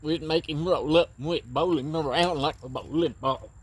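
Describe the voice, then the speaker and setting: A man's voice: on the high side, normal speed, breathy edge. A man chatting casually, mostly giving brief, easygoing answers. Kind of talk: casual chat.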